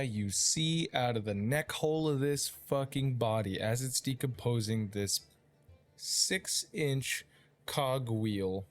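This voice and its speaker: A man narrating a tabletop game as dungeon master, in a loose, profane, rambling way. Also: mid-range voice.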